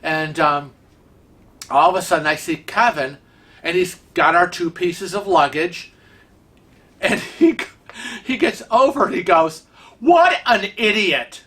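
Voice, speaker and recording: Male vlog host, animated storyteller, slightly raised pitch, tense bright tone. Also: measured pace, long pauses. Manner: chatty, animated, acts out quoted dialogue. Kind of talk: casual storytelling.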